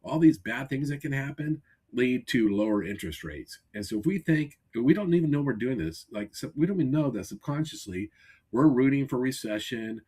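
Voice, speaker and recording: A man hosting a casual podcast over a remote call, talking in an energetic coaching tone with many restarts. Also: mid-range voice, brisk, slightly rough. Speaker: podcast host. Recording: glitchy remote call audio.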